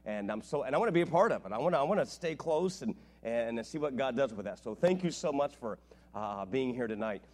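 A middle-aged man preaching as a visiting pastor, telling jokes and family stories in an animated way. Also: mid-range voice, brisk. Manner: joking, animated storytelling. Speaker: guest preacher. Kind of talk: sermon.

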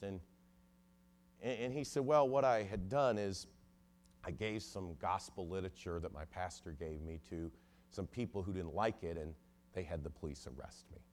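A man with a somewhat low voice preaches a sermon as a story. He quotes the people in it as he goes, his volume surging up and then falling away to almost nothing. He sounds like a lawyer addressing a church. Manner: storytelling with sudden swells and drops in loudness.

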